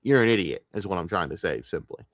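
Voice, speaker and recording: Male streamer, low voice, furious profane rant, dry close sound. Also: lively intonation, quick pace, no echo. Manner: angry, profane, emphatic. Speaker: streamer reacting to clips. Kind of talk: heated commentary rant.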